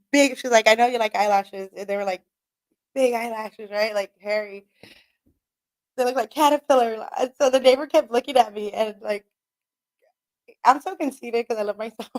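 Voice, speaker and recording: A woman, hosting a radio show and chatting casually on her own, rambling, swearing and laughing a lot. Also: medium pitch. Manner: rambling, profane, laughs often. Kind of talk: casual solo chat. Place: radio studio.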